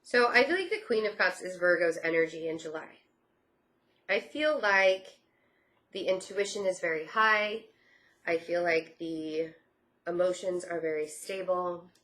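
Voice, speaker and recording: A woman's voice: on the low side, unhurried, fairly bright tone. Reassuring woman reading tarot cards. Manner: reassuring, repeats phrases, many "I feel like" fillers. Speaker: tarot reader.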